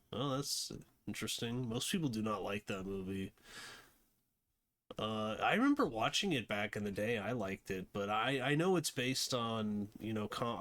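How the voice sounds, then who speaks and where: A man's voice: fairly low pitch, fairly bright tone. A man hosting a casual movie review, rambling with many fillers and restarts. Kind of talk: casual unscripted commentary.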